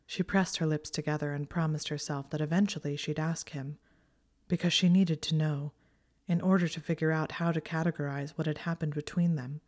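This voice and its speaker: A woman narrating a story aloud in a steady, even manner. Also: low-pitched, a little fast. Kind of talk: audiobook narration of fan fiction.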